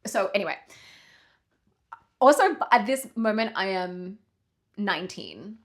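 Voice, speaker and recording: Animated young woman telling a story. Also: mid-range voice, a little slow. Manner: animated, acts out quoted voices, swears casually. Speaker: podcast co-host. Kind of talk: casual storytelling chat.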